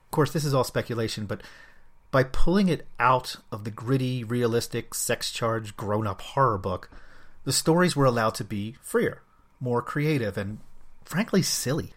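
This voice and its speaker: A man's voice: medium pitch, lively intonation, normal speed, fairly bright tone. A man hosting a solo comics podcast, talking with a wry, self-mocking humor. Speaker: podcast host.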